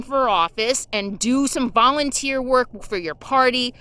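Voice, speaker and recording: A woman's voice: high voice, measured pace, hardly any pauses, pushed and bright. A woman vlogger giving an impassioned, indignant rant about the news, openly emotional and angry. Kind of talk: ranting political vlog.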